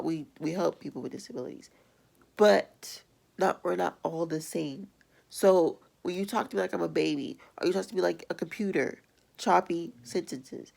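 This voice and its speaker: A woman's voice: fairly low pitch, creaky. A young adult woman vlogger ranting bluntly and with exasperation in a casual video. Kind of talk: casual vlog rant.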